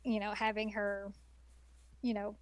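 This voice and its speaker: A woman's voice: medium pitch, flat delivery, a little slow, no echo. A woman co-hosting a podcast, chatting eagerly and rambling with fillers. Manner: enthusiastic, rambling, laughs often. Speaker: podcast co-host. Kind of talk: casual chat.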